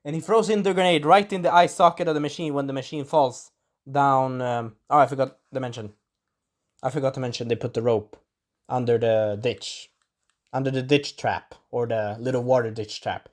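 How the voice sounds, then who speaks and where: Speaking at a moderate pace in a mid-range voice with fairly even intonation, a Swedish-born video reviewer delivers a casual spoiler review of an episode. The recap rambles enthusiastically, trips over names, and acts out quotes in little voices, while the speaker now and then clears a scratchy throat.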